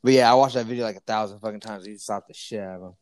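A man in casual chat, telling a story in an animated, profane way with lots of fillers. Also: fairly low pitch, very fast, slight background noise.

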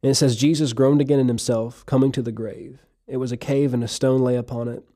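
Mellow-voiced male preacher. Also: mid-range voice, fairly even intonation, a little fast. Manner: earnest, emphatic preaching, reading scripture aloud. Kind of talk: sermon.

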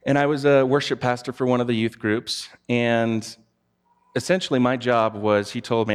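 A man's voice: medium pitch, steady tone, normal speed. A man giving a conversational sermon, telling personal stories candidly. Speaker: preacher.

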